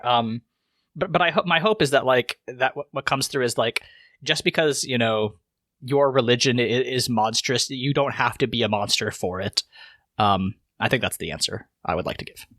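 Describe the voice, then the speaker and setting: A man co-hosting a casual podcast, talking in halting bursts full of fillers and restarts while eating spicy wings. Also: mid-range voice, a bit bright, no echo, studio quality. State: reacting to spicy heat. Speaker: podcast co-host.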